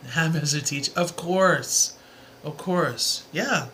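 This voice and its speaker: Speaking extremely slowly in a low, slightly bright voice, this woman tutors math on a live stream, with a little hiss or hum in the audio. Her motivational talk to viewers is earnest and encouraging, drifting between points with many asides.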